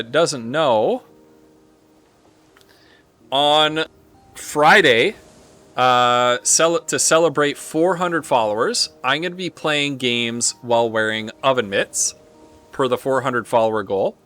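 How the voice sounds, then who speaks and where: A Canadian man talks his way through a strategy game on a live stream, taking his time and stopping often on little fillers as he thinks aloud. His voice has a bright, forward edge, and soft music plays underneath. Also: medium pitch. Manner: rambling, thinking aloud with frequent filler pauses. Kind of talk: casual live game commentary.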